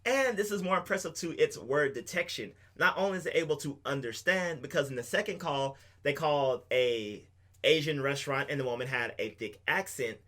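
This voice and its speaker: A man's voice: on the high side, lively intonation, fairly quick, pushed and bright. A man co-hosting a podcast, explaining things at length with enthusiasm in a casual chat. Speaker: podcast co-host.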